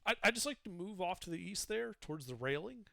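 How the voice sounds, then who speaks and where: A man playing a tabletop game, eager and animated as he declares his moves. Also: high-pitched, fast talker, vocal fry, no room sound, studio quality. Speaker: player.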